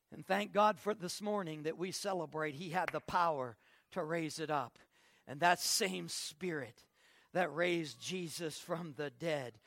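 A male pastor preaching an Easter sermon, swinging from quiet passages to shouted declarations and rapid questions to the congregation. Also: sits high, no room sound, clean studio sound.

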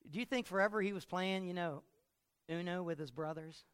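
A man's voice: sits high, fairly quick, a bit bright, clean tone. A middle-aged man preaching a sermon with playful storytelling, acting out scenes. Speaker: pastor.

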